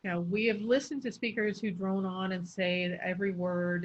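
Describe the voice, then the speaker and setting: Middle-aged woman, pronunciation coach, measured teacherly delivery, mid-pitched voice, lo-fi audio. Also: steady tone. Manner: clear, teacherly, pauses before key words. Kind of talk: explaining pronunciation in a guest interview. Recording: slightly dull, lo-fi sound.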